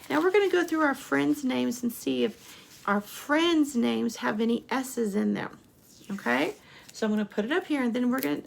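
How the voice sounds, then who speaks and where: A woman's voice: high voice, vocal fry. A woman teacher giving a remote lesson to young children, patiently spelling out letters and prompting them with questions. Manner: slow, patient, sing-song prompting, spelling letters aloud.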